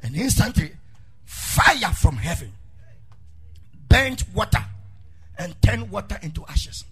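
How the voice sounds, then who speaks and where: A male pastor preaching a sermon, dropping low and then rising into sung, shouted lines. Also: very animated, slow, breathy edge. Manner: swings from murmuring to sung shouts. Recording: faint music behind.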